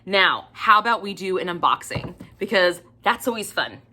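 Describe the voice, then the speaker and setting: Chatty bright-voiced woman book vlogger. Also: on the low side, lively intonation, normal speed, a little hiss or hum. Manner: chatty, gushing, doubles her words for emphasis; casual, with the odd swear word. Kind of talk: casual book review chat.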